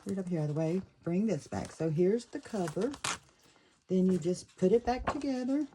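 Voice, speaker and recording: A woman casually talking through a handmade journal, thinking aloud and pausing to fiddle with the pieces. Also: on the low side, animated, background noise. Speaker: paper craft creator. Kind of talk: casual craft flip-through.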